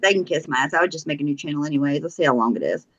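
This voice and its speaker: A woman's voice: low-pitched, racing, muffled recording. A woman co-hosting a casual live-stream chat, blunt and profane, teasing with laughter.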